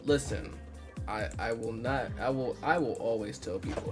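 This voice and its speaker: A man's voice: medium pitch, moderate pace. A man hosting a casual live stream, playful and self-mocking, laughing often. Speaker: streamer host. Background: background music.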